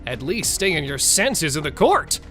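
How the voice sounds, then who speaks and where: Lively high-voiced male recap narrator. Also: moderate pace. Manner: mocking, gossipy commentary. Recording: voice-over over faint music.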